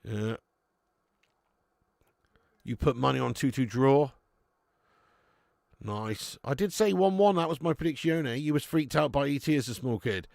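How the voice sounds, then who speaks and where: Gravelly-voiced English man hosting a watch-along. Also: mid-range voice, lively intonation, a little slow, long pauses, a little mellow, dry recording, studio quality. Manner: casual banter reading chat comments; laughs often, calls people mate. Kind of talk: live football watch-along chat.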